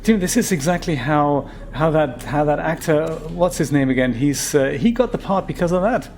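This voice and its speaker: A man's voice: a little high, expressive, moderate pace, a little mellow, a little hiss or hum. A man giving casual, rambling commentary while playing a game, chatting freely and laughing easily. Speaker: game streamer.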